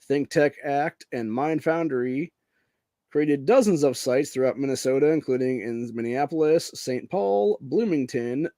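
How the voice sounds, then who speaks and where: A man's voice: medium pitch, a little slow, mellow, no room sound. A man hosting a casual political commentary show, reading news items aloud, swearing freely and saying "dude" constantly as he gets heated. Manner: profane, says "dude" constantly, grows heated; reads news items aloud while screen sharing. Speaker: podcast host.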